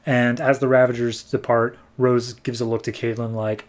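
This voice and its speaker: A man's voice: medium pitch, flat delivery, normal speed, hardly any pauses. A man co-hosting a podcast, retelling a comic story in a rambling, filler-heavy casual way. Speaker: podcast co-host. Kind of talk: casual comic book recap.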